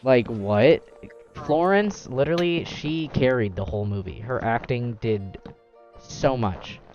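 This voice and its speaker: A young man, host of a gaming channel, chatting casually while playing, rambling with animated acted-out quotes. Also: mid-range voice, unhurried, muffled recording, faint music behind.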